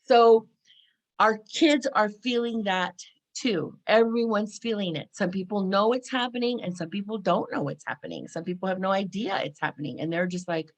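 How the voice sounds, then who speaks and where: A California woman in her forties, a spiritual vlogger, chats to camera about spiritual energy at a moderate pace and medium pitch. She's casual and sprinkles in lots of "you know" and "right?".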